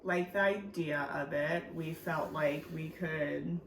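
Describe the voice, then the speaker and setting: Chatty woman vlogger, low voice, echoey room. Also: steady tone, takes it slowly, creaky, recorded from a distance, a little hiss or hum. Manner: chatty, laughs easily, says "like" and "y'all". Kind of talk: casual family vlog chat.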